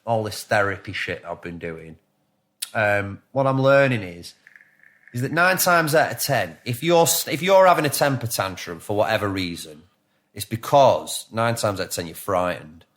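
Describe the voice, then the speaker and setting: This is a man in his thirties with a Lancashire accent, sitting as a guest on a podcast. His voice sits a little low, and he rambles freely, restarting sentences and swearing often. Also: animated, normal speed, a bit bright. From England. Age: 30s. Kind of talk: casual podcast interview.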